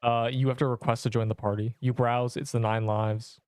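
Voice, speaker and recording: A man's voice: mid-range voice, flat delivery, a little fast, a little mellow, smooth, no echo, clean studio sound. A man live-streaming a game, chatting playfully with viewers and joking at his own expense. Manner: playful and self-mocking, reacting to chat. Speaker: streamer playing an online game.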